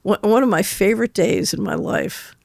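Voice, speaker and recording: A woman's voice: medium pitch, moderate pace, gravelly, dry recording, studio quality. An older woman, a guest on an interview show, telling anecdotes in a chatty way and laughing through her stories. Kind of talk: conversational storytelling interview.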